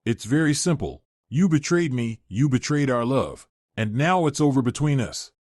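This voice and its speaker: A man's voice: medium pitch, expressive, moderate pace, darkish tone, no echo, close to an everyday voice. A man voicing a cold, betrayed bride-to-be. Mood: firm. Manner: firm, cold. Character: betrayed young woman, firm and cold.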